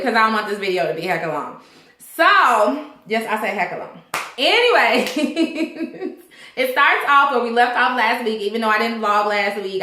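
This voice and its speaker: A high-voiced young woman chats through a TV episode recap, bright and animated, with plenty of cursing. She slips into the characters' lines as she goes. The sound is echoey, like a bare room. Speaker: vlogger reviewing a TV episode. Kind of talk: casual recap chat.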